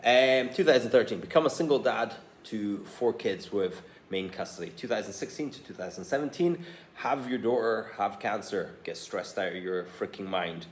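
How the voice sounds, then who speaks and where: A blunt, plain-spoken man in his forties, a health coach, reading from his phone and talking straight to camera. His voice sits fairly low. He records in a room with an echo and a faint hum of ambience behind him. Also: moderate pace. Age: 40s. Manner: candid, blunt, swears casually. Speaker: personal trainer and health coach.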